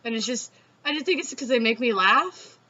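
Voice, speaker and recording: A woman's voice: fairly high pitch, lively intonation, normal speed, bright, forceful tone. A woman from the Southeastern United States with a Southern accent, hosting a casual, chatty talk with laughs and free swearing. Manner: chatty, giggly, swears freely. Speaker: host. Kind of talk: casual chat. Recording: dull lo-fi sound.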